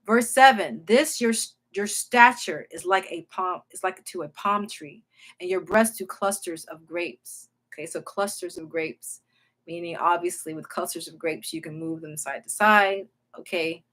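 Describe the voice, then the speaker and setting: An unhurried woman with a fairly low, slightly bright voice leads an informal Bible lesson. Her delivery is emphatic, and she repeatedly checks on her listeners with "okay?" and "all right?"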